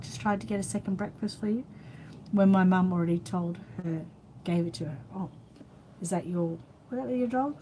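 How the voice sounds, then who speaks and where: A woman's voice: mid-range voice, slight background noise. An Australian woman hosting a casual live chat, rambling and reading out viewer comments while tired and yawning. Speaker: channel host.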